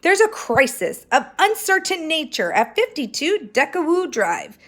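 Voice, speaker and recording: A woman voicing a bossy, stern elderly woman who is never wrong, speaking loudly and emphatically. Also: sits high, sing-song, a little slow, voice pushed up, exaggerated voice. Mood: urgent. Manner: loud, emphatic, indignant.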